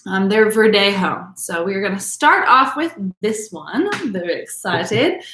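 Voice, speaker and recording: A woman's voice: mid-range voice, animated, unhurried, a bit bright, slight background noise. A young woman, hosting a live-streamed virtual wine tasting class in an upbeat, chatty way, with lots of fillers as she greets viewers by name. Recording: echoey room.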